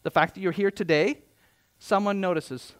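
A middle-aged pastor with a notably high-pitched voice delivers a sermon in a church. He speaks conversationally but leans hard on his points, often asking the congregation rhetorical questions. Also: moderate pace.

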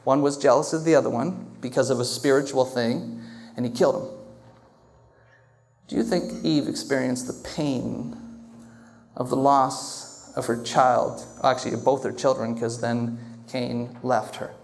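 Speaking in an unhurried, medium-pitched voice, a male pastor gives an animated sermon in a church hall. He directs questions at the congregation as he preaches.

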